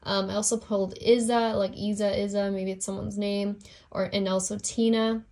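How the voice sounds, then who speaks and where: A young woman talks through a tarot reading at home in a loose, rambling way. She leans on fillers and stops to apologize for her slips. Her pitch sits in the middle range. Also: level tone, normal speed, a little mellow. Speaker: tarot reader. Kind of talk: casual tarot reading monologue.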